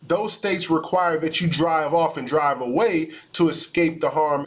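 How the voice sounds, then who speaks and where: Male attorney, reaction commentary, calm explainer, slightly high voice. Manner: measured, explanatory. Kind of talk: legal commentary reacting to video.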